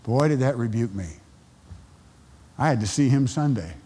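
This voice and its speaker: A man's voice: mid-range voice, lively intonation, moderate pace, mellow, breathy edge, big-room sound. A male pastor preaching a sermon, telling stories and acting out the voices of people he quotes. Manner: storytelling, acts out quoted voices.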